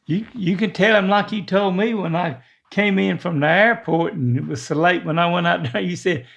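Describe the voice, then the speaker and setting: An older man, chatting casually with his son in a slow, drawling way and stumbling over words. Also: high voice, vocal fry, fairly bright tone, dull audio. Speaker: co-host, father of the host. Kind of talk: casual family chat.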